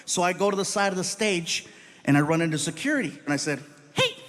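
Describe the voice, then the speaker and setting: A man performing a stand-up comedy routine, telling a story with lively acted-out voices and sudden loud bursts. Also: sits high, fast talker. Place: live comedy stage.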